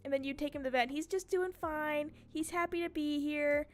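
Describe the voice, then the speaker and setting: A young woman streamer telling a story in casual chat, animated and swearing freely. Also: high-pitched, brisk, faint music behind. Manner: chatty and animated, swears freely, mimics her cat's screams.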